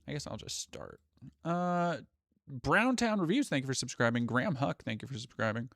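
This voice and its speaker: A man streams from home in a casual, meandering way, jumping between thoughts and cutting himself off with the occasional swear. His voice sits at a middling pitch. The sound is close and dry. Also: lively intonation, normal speed, gravelly, fairly bright tone, dry recording. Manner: rambling, self-interrupting, swears casually. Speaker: live streamer. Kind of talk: casual live-stream chat.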